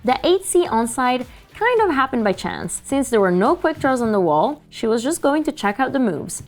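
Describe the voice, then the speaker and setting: Lively woman co-hosting climbing news. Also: high-pitched, moderate pace, soft background music. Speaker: co-host of climbing news show. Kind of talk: news show banter and read reports.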